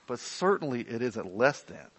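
A man preaching a sermon in an animated, conversational way with playful asides. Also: medium pitch, normal speed, slightly rough, no echo, rough recording. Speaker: pastor.

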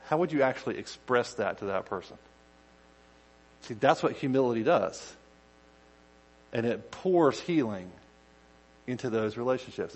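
A male pastor giving a conversational sermon, dropping to quiet asides and rising to loud acted-out shouts. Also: mid-range voice, husky, poor audio.

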